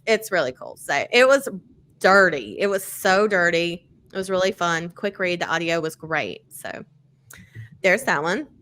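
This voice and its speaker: A woman hosting a podcast, casually reviewing books with lots of fillers, easy swearing and excited storytelling. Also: medium pitch. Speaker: podcast host. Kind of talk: casual book-review chat.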